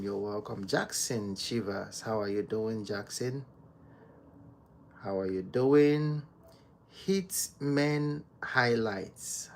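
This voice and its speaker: Slow, soft-spoken man chatting on a livestream. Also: lowish voice, gravelly. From Nigeria. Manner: soft-spoken, slow and unhurried, greets viewers by name. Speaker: livestream host. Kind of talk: casual live-stream chat with viewers. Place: home.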